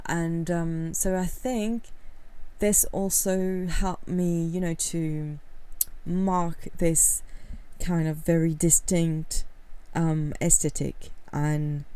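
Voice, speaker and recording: Woman vlogging, low mellow voice, rambly and candid, lots of ums. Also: smooth, no room sound. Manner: candid, rambling, with frequent fillers and soft laughs. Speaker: video essayist. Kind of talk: casual talking-head commentary.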